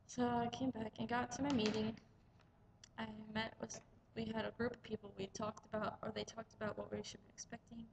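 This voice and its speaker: A young woman from the United States chats her way through a long vlog story, stringing events together with "and then" and "I was like". Her voice sits a little high with a gravelly, fry-tinged edge. Faint noise hums under the recording. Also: a little mellow, rough recording. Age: young adult. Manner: chatty, rambling, lots of "like". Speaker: vlogger. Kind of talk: casual travel vlog storytelling.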